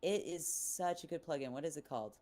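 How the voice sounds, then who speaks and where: A woman's voice: low-pitched, fairly quick, warm tone. A woman producer casually explaining how she mixes a vocal, talking with lots of fillers. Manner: chatty, explains with fillers, calls out numbers. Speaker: music producer teaching mixing. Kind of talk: casual studio tutorial.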